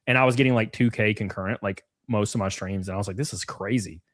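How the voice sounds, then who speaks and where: A man's voice: on the low side, fast talker, dry recording. Thirties guy hosting a stream, chill swearing chat, dry close mic. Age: 30s. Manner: casual, swears, reads super chats aloud. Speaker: livestream host. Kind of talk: casual livestream chat.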